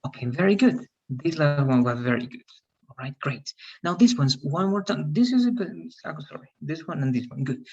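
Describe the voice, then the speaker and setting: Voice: mid-range voice, lively intonation, moderate pace, husky, lo-fi sound. An English teacher on a video call, patiently correcting students' pronunciation and encouraging them. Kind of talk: online class feedback.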